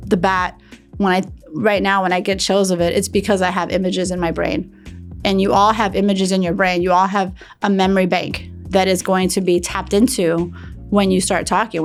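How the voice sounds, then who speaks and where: A middle-aged woman hosting a motivational podcast, speaking in an earnest, emphatic, preachy way. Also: mid-range voice. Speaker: podcast host.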